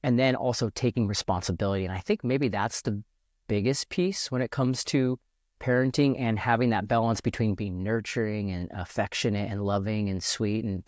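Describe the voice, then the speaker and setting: A man's voice: on the low side, a little mellow, no room sound, clean studio sound. A man talking as a podcast guest in an earnest, reflective way, often restarting his sentences as he thinks aloud. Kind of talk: reflective casual conversation.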